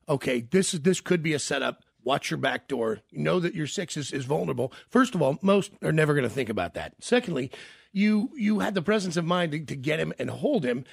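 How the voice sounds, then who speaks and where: A man's voice: fairly high pitch, vocal fry, breathy edge, no room sound, studio quality. A man hosting a casual interview, asking rambling, conversational questions. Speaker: radio host.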